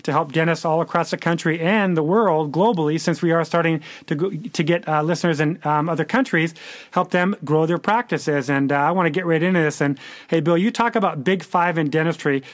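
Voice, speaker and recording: A man's voice: fairly high pitch, fairly quick, dry recording. A man hosting a podcast, chatty and often stumbling over his words. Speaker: podcast host. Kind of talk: casual interview hosting.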